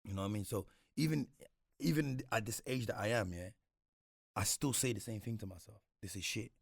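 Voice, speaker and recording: Thirties guy, low dry voice, reflective interview guest, slangy. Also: a little fast, creaky, no echo. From Congo. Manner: reflective, slangy, repeats himself often. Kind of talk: casual interview talk.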